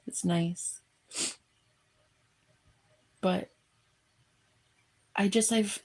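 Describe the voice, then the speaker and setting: A woman talking in a heartfelt, rambling vlog, full of halting restarts. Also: lowish voice, gravelly. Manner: earnest and effusive. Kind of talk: emotional personal vlog.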